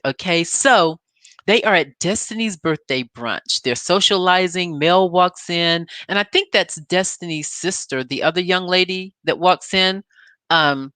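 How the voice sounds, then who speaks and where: Recording at home in front of a green screen, a woman YouTube reviewer chats her way through a TV episode recap. Her voice sits on the low side with a fairly bright tone and no echo, and she addresses viewers directly, wandering into tangents before coming back.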